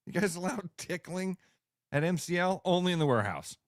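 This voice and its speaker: A man's voice: high voice, expressive, brisk, dry recording, clean studio sound. A man co-hosting a radio show, chatting casually, telling stories with lots of laughter. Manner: laughs often, tells stories animatedly. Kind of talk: casual sports radio banter.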